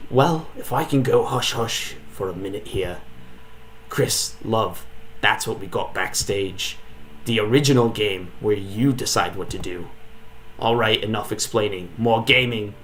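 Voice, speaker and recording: A man voicing a chummy, secretive male backstage bloke in a rough imitation of a rural British accent, talking low and confidingly. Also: a bit bright, slight background noise. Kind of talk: reading game dialogue aloud.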